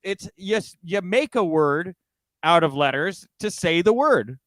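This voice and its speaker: A man hosts a casual podcast, chatty and quick with asides. His voice is smooth and fairly high for a man. It sounds close and dry, with no room around it. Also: expressive, fairly bright tone, dry recording. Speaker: podcast host. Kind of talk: casual chat.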